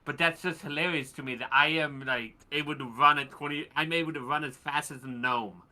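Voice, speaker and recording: A man's voice: a little high, brisk, sharp tone. A man playing a tabletop game, chatting in an amused way. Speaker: player. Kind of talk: casual chat at a game table.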